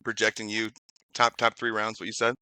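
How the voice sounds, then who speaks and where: A man's voice: lowish voice, monotone, brisk, sharp tone, clear, resonant tone, no room sound, rough recording. A man hosting a casual interview, asking questions with stammering restarts and giving short encouraging replies. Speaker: podcast host, interviewer.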